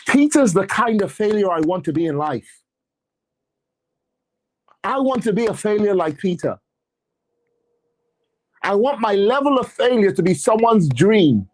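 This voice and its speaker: Energetic preacher man. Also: sits high, measured pace, long pauses. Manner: energetic, sarcastic, preacher-like emphasis. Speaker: apostle and church leader. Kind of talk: motivational faith and money talk.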